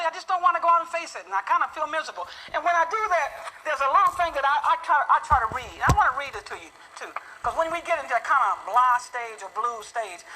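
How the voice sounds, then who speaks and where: A man giving a motivational talk as a speaker and corporate trainer, telling a joke and reading a poem in a lively, quick storytelling way. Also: very high voice, slight background noise, rough recording.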